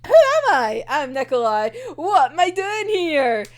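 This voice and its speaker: A woman's voice: high-pitched, sing-song, measured pace. A woman voicing a playful young male villain with a sing-song, mock-casual delivery. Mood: teasing.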